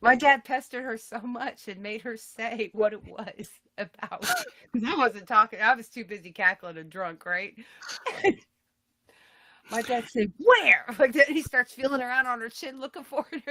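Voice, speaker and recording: Animated storytelling woman in her fifties. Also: normal speed. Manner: animated, laughing storyteller with loud high outbursts. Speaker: podcast co-host. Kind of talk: casual storytelling chat.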